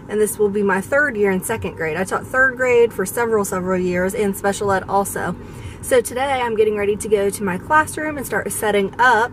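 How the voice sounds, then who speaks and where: A woman's voice: medium pitch, a little hiss or hum. Chatty woman teacher vlogging. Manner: chatty, rambling with fillers. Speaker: second grade teacher. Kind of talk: casual vlog chat. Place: car, then classroom.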